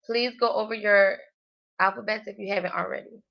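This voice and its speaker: A woman's voice: medium pitch, steady tone, fairly quick, gravelly, muffled recording. A woman livestreaming her language study, thinking aloud hesitantly with many fillers. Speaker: language learner.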